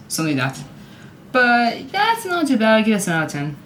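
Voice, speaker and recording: Casual vlogger, rambly and unsure of themself, very animated pitch. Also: measured pace, long pauses, a little hiss or hum. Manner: rambling, self-apologetic, often unsure; hums along to clips. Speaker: video creator ranking sports goal horns.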